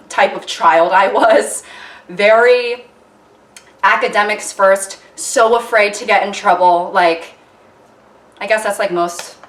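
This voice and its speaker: Chatty young woman, roomy and distant. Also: medium pitch. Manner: chatty, self-mocking, rambling with many fillers. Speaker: YouTuber. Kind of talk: casual cooking vlog chat. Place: home kitchen. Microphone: camera tilted down on the counter. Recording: roomy kitchen sound from a distant camera mic.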